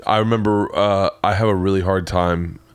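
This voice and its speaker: A man's voice: low voice, fairly even intonation, normal speed, clean tone, dry recording. A man hosting a podcast in casual chat, rambling through a story and acting out both sides of the conversations he quotes. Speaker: podcast host.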